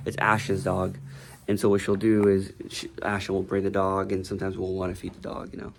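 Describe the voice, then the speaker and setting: A man's voice: deep voice, monotone, brisk, creaky, slight background noise. A man who works as a real estate agent giving a casual, rambling tour of his office, talking loosely with many fillers. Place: office indoors.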